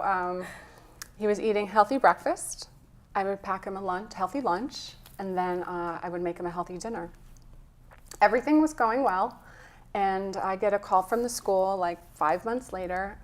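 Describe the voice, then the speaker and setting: A woman guest and health coach, talking earnestly in an interview, telling a story with some emotion. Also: mid-range voice. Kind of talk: conversational interview.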